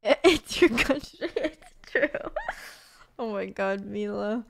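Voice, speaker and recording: A woman's voice: medium pitch, lively intonation, slow, vocal fry, background noise. A young woman streaming, chatting casually and reading messages, bubbly and gushing with lots of fillers and laughs.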